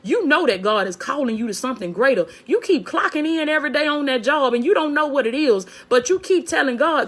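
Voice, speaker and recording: A woman's voice: high voice, lively intonation, a little fast. A woman preaching a motivational sermon on a phone video, fervent, repeating phrases and calling out to her listeners.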